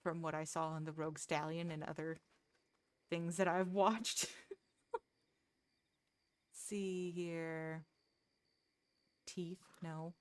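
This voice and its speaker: A woman talks loosely with her viewers as she plays. Her voice sits a little low. She rambles, restarts her sentences and laughs easily. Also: flat delivery, takes it slowly, long pauses, clean tone, no echo. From United States. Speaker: livestreamer. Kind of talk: casual chat with viewers while gaming.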